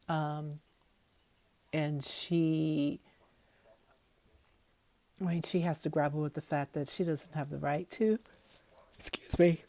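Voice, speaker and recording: Low, gravelly woman recapping an episode. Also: mellow. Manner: chatty, wry, many fillers. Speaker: TV episode commentator.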